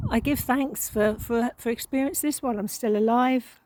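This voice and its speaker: A woman giving an emotional spiritual monologue, halting and repeating words, with frequent sighs. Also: on the high side, darkish tone, a little hiss or hum, poor audio. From England. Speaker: spiritual channel.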